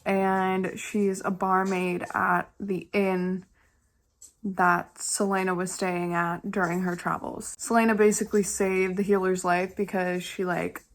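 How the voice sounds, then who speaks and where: A woman's voice: medium pitch, little pitch movement, unhurried. A young woman chatting casually in a reading vlog, gushing and dramatic, full of "like" fillers. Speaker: book vlogger.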